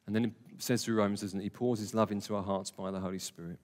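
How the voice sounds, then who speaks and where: Conversational preacher in a reverberant hall. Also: male voice, on the low side, steady tone, fast, hardly any pauses, darkish tone. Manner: conversational, emphatic, jokey asides. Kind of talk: live sermon. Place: warm church hall, live congregation.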